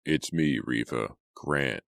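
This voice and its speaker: A man's voice: very deep voice, slow, gravelly, fairly bright tone, no room sound, studio quality, pitched below the performer's own voice, full character voice. A man playing a teenage boy on the phone who teases and then hesitates. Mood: hesitant. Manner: hesitant, teasing.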